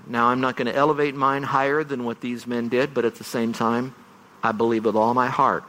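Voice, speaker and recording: A man's voice: medium pitch, a bit bright. Earnest preacher man in a reverberant hall. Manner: earnest, builds to emphatic bursts. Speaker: pastor. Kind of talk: farewell sermon.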